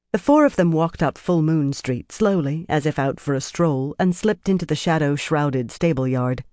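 A narrator reading a fantasy novel aloud in measured, even storytelling. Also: mid-range voice, no room sound, studio quality. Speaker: audiobook narrator. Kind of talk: scripted narration.

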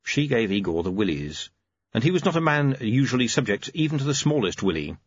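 Male narrator, wry storyteller, lowish husky voice, dull lo-fi dry recording. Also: big pitch swings, fairly quick, dry recording. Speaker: audiobook narrator. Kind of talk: scripted narration.

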